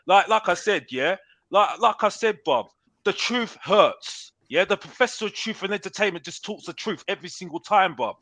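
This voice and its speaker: A man's voice: high voice, sharp tone, no room sound. A man ranting in a heated football debate, repeating "bruv" and talking over the others. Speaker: panelist on a football talk show.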